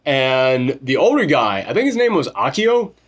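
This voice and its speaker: A man co-hosting a casual film review chat, animated, swearing freely and mimicking characters as he goes. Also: mid-range voice, moderate pace. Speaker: podcast co-host reviewing a film.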